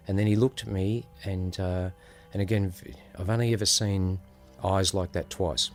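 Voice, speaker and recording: A man's voice: low-pitched, steady tone, darkish tone, faint music behind. A man with an Australian accent, a former undercover police officer, recounting his experiences in a reflective, conversational way. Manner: unhurried, reflective, acts out quoted voices. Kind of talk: conversational storytelling.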